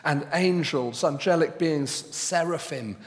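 A man preaching a sermon as pastor, speaking slowly and deliberately and pressing hard on key words. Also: fairly high pitch, in a large hall. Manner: slow and deliberate, with loud emphatic stresses.

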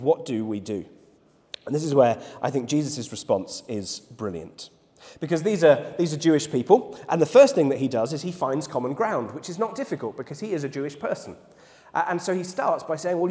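A man's voice: medium pitch, a little mellow. A male preacher telling a personal story in a sermon, often stumbling over repeated words as he goes. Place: church. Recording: church hall with long reverb.

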